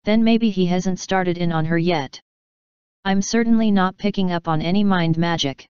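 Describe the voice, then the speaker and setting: A woman's voice: fairly low pitch, normal speed, a little mellow, smooth, dry recording, highs cut off, lightly acted. A woman voicing a stern female pony who is head of security, speaking firmly and giving orders. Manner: firm, commanding.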